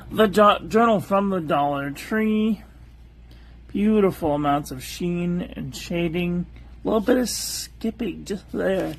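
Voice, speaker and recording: Male host, higher register, slow and relaxed; casual livestream reviewer listing items in short phrases, chatting with viewers. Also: slight background noise. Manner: unhurried, itemizing paper traits in short clipped phrases; chats aside with live viewers. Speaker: stationery reviewer.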